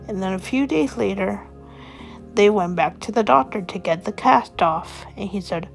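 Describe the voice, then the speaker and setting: A woman's voice: mid-range voice, moderate pace, vocal fry, faint music behind. A woman casually narrating an improvised story in a rambling, home-made way.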